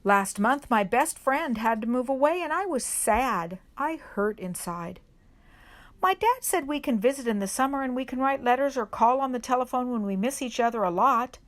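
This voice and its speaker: A woman reading a children's picture book aloud at a church service for kids, gentle and unhurried, pausing to put questions to the children. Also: a little high, lively intonation. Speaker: reader at a children's worship service.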